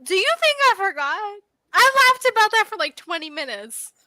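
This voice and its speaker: Bright, lively young woman host. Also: extremely high pitch, normal speed. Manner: laughing, emotional, swears freely. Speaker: livestream host. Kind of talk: casual chat.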